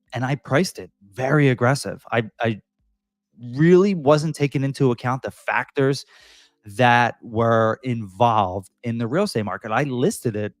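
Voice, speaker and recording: A man's voice: medium pitch, no room sound, studio quality. A man with a Philadelphia accent, a real estate broker hosting a casual livestream, talking in a loose, rambling way full of fillers and restarts.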